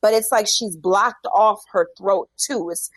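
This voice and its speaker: A woman's voice: mid-range voice, measured pace, dry recording. A woman co-hosting a casual TV recap show, giving emphatic, opinionated takes. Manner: opinionated, emphatic, laughs easily. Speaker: podcast co-host.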